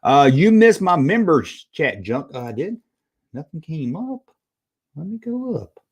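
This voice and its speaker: A man's voice: fairly high pitch, big pitch swings, a little slow, husky. A man hosting a casual livestream review, rambling and reading viewer chat aloud. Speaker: livestream host.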